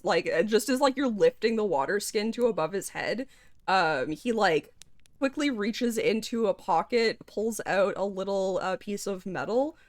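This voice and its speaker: Woman GM, casual tabletop narration, hesitant and filler-heavy, mid pitch. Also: no echo, studio quality. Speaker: game master.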